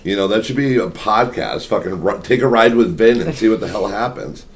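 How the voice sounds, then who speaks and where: A man's voice: on the low side, a little fast. Profane rambling male podcast storyteller. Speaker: podcast host. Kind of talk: casual storytelling chat.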